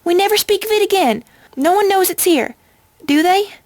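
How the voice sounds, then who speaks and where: A woman's voice: expressive, moderate pace, darkish tone, no room sound. A woman voicing a frightened young filly pony in a storybook reading. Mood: anxious. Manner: high and urgent, near tears.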